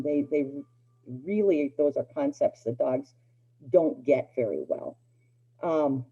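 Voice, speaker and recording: A middle-aged woman with a low, husky voice lectures a dog obedience class. She talks casually and circles back with fillers and restarts. The recording sounds dull and lo-fi. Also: dark tone. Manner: conversational, many fillers and restarts.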